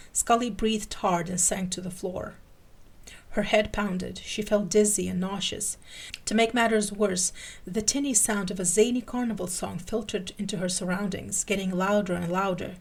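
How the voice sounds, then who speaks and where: A woman podcast host giving an expressive dramatic reading of fan fiction. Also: mid-range voice, gravelly.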